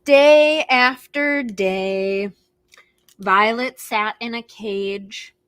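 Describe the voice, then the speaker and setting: A woman librarian reading picture books aloud to preschoolers in an animated, expressive way, gasping and making animal noises. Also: on the high side, extremely slow, clean tone, dry recording. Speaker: children's librarian hosting storytime.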